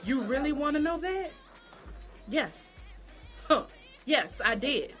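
A woman from Savannah, Georgia, recapping TV shows in a casual, profane and animated way. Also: high-pitched, slow pace, loud music behind the voice. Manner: profane, animated, acts out characters. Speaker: TV recap vlogger.

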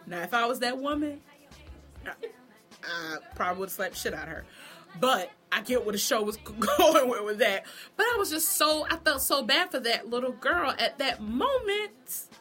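A woman talks straight to camera in a casual, opinionated vlog monologue, cursing freely and laughing as she goes. Her voice sits a bit high and rings bright and forceful. Faint music plays underneath. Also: very animated, normal speed. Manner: blunt, profane, sassy, laughs often. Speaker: vlogger reviewing a TV show.

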